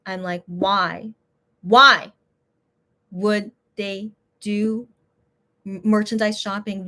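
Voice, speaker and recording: A woman who runs a shop, casually telling a story in an animated, exasperated way, with many restarts. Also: medium pitch.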